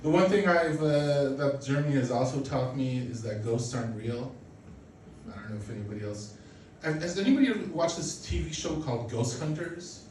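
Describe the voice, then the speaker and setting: A man in his thirties performs stand-up, telling his stories deadpan and getting lively when he acts out other people. His voice sits in a middle register. It is picked up from some way off in a roomy club, with faint ambience behind him. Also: mid-range voice, brisk, slight background noise. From Poland. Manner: deadpan storytelling, lively bursts while acting out other people. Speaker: stand-up comedian. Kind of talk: stand-up comedy set. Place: comedy club stage with a laughing audience. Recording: roomy, distant club recording.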